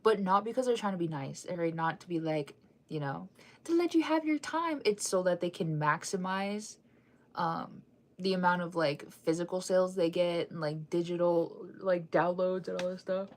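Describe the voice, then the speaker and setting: A young woman with a somewhat low voice rambles through a casual fan news chat. She circles back on her points with many fillers and restarts. She sounds sleepy and keeps yawning and sighing between thoughts. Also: lively intonation, normal speed.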